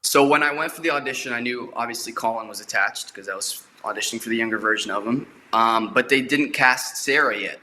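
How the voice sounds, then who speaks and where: A man's voice: on the low side, sharp tone. A young man, an actor, talking eagerly in a casual interview and often repeating words as he goes. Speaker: actor guest.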